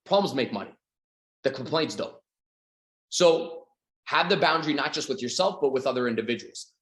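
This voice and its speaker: A man's voice: medium pitch, moderate pace, echoey room. A man from Canada giving a motivational sales talk, acting out little dialogues and swearing casually. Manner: animated storytelling, acts out dialogues, swears casually. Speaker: sales coach. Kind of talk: motivational talk to an online audience.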